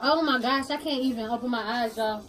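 A young woman vlogging a spicy noodle challenge, loud and teasing, teary from the heat. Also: fairly high pitch, quick pace. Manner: loud, teasing, laughing through tears. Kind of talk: casual chat during a food challenge. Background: music.

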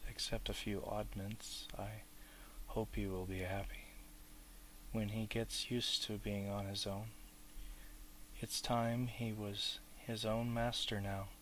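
Fussy old hobbit guy, as a man reads him, higher and jumpy, slow, faint hiss behind. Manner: higher, excitable, turns sharp and whispery. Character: fussy elderly male hobbit, touchy and possessive. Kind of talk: audiobook reading.

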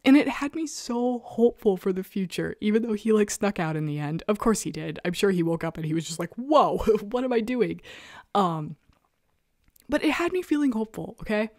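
A woman hosting a casual talk show, chatting about comics in an animated, self-mocking way and laughing often. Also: mid-range voice, fairly quick, no room sound, clean studio sound. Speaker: podcast host reviewing webcomics. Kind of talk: casual chat. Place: rural home.

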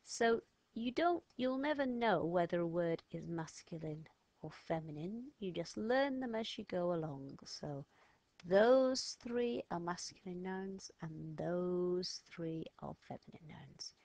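A woman talks through a children's language lesson at a very unhurried pace, pausing to sound out each letter. Her voice sits a little low and the recording is dry and close. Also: a little mellow, no room sound. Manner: patient, clearly sounding out letters and words. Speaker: French teacher. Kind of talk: slow step-by-step lesson narration.

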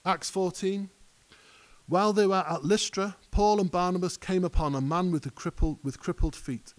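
A man's voice: high-pitched, steady tone, normal speed. A male pastor preaching a conversational sermon that rises to emphatic peaks. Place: church hall.

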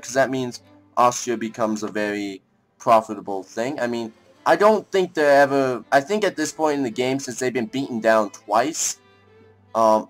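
A young let's play gamer with a mid-range voice comments casually on a strategy game while playing, thinking aloud, rambling, and breaking into excited outbursts. Faint music plays behind him.

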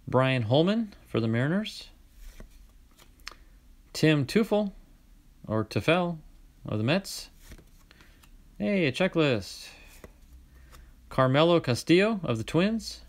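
A man's voice: fairly high pitch, slow pace, pauses often. Chatty man opening cards. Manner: chatty, reads names aloud, bursts of excitement. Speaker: card-collecting channel host. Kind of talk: casual card-opening commentary.

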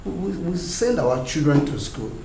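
A man's voice: a little high, expressive, unhurried, vocal fry, warm tone, reverberant, a little hiss or hum, low-quality recording. An actor playing a father who soothes and defers to the principal, in Nigerian English. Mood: placating. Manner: placating.

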